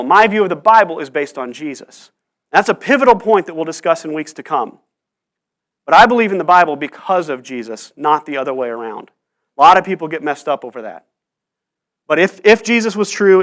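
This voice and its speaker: A pastor giving a conversational sermon in church, often restarting and repeating words. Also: male voice, high-pitched, a bit bright.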